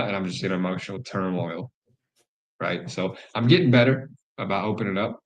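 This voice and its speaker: A man's voice: deep voice, normal speed, low-quality recording. A man hosting a podcast, talking in a casual, open way and swearing freely. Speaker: podcast host. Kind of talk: candid podcast conversation.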